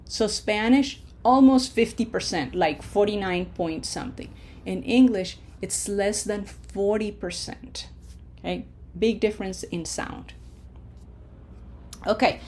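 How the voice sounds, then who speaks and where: Woman language teacher, unhurried delivery, patient and encouraging, models each sound clearly. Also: mid-range voice, darkish tone. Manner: patient, encouraging, checks in with frequent "okay?"; slow, deliberate, models syllables aloud. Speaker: Spanish pronunciation teacher. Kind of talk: online language lesson.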